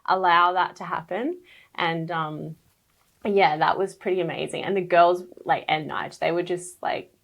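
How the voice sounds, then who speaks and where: Low creaky-voiced woman telling her story. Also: steady tone, unhurried. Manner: chatty, lots of "like" fillers, emotional. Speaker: podcast guest. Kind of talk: personal storytelling, casual.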